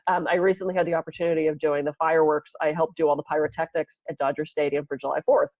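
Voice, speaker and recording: A woman's voice: low voice, level tone, fast, no room sound, highs cut off. A woman co-hosting a podcast in casual chat, telling stories animatedly and acting out the people she quotes. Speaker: podcast co-host, massage therapist.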